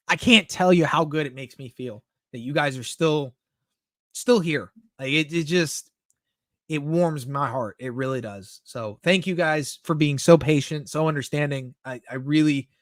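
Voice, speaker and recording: A man's voice: fairly high pitch, fairly bright tone, no echo. A young man chatting casually on a live stream, reading chat messages aloud and answering them candidly, swearing often.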